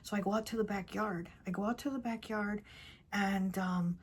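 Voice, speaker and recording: A woman tarot reader telling a personal story in casual chat, rambling and repeating herself, often dropping to a soft, hushed voice. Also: medium pitch, steady tone, normal speed, husky. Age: adult with children. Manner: rambling, repeats herself, many "like" and "you know".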